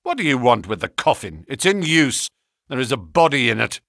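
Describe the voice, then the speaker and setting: A man reading an audiobook, voicing an unctuous, smooth-talking middle-aged male villain. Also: mid-range voice, sing-song, moderate pace, a bit bright, no echo, studio quality.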